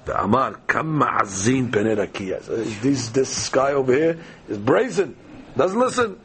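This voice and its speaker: A man's voice: mid-range voice, animated, unhurried, fairly bright tone, slight background noise. A man teaching a daily Talmud class, reading the Aramaic text aloud and explaining it in casual, conversational English.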